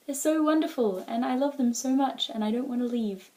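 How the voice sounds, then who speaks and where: An Australian woman chatting straight into her camera, a bit high-pitched but with a soft, mellow tone. She rambles and loops back, sprinkling "like" and "um" through every thought. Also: brisk. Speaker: exchange student vlogger. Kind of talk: casual chat to camera.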